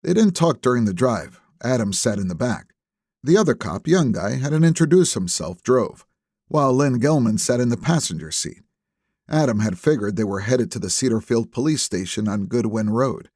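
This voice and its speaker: A man's voice: mid-range voice, dry recording. Male audiobook narrator, dry close sound. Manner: steady, measured storytelling. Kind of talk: scripted narration.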